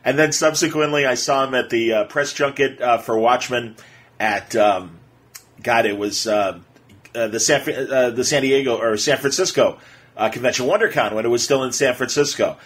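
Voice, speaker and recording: A man hosting a podcast, telling stories in a casual, animated way with lots of fillers. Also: mid-range voice, normal speed. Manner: animated, excitable storyteller with many fillers. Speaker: podcast host.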